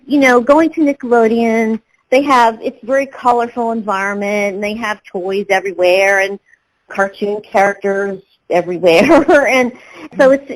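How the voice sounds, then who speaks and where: A woman's voice: on the high side, poor audio. A woman, a voice actor, answering interview questions in a rambling way with many fillers and restarts. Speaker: voice actor guest.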